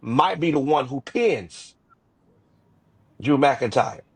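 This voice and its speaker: Man, husky voice, podcast co-host, casual storytelling, fast restarts. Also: mid-range voice. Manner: animated storytelling with repeated restarts. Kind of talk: casual wrestling recap chat.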